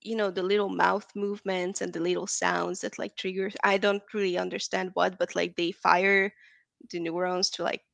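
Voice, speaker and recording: A woman's voice: on the low side, flat delivery, normal speed, vocal fry, fairly bright tone, no room sound. A woman from Texas, a guest in a casual interview, talking in a chatty, rambling way and laughing often.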